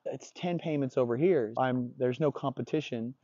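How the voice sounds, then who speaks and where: A man with a warm, relaxed voice talks as a dog trainer, blunt and plain-spoken. He swears casually. The recording sounds dry and dull. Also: mid-range voice, moderate pace, no echo. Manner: blunt, profane, confident explaining. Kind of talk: casual on-the-job instruction.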